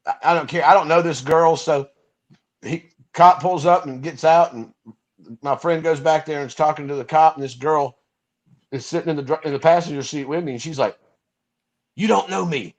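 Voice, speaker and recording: A man's voice: fairly high pitch, fairly even intonation, a little fast, low-quality recording. A man co-hosting a podcast, telling a rambling anecdote in a casual, laughing way, from Georgia. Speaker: podcast co-host. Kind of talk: casual storytelling.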